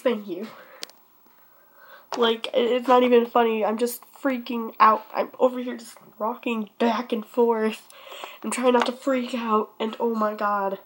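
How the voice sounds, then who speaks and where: Anxious teen girl vlogger, breathless and pleading, somewhat high pitch. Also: level tone, measured pace, a little hiss or hum. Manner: panicked, repeating herself, sighing. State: anxious, near hyperventilating. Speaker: channel owner. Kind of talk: anxious vlog plea.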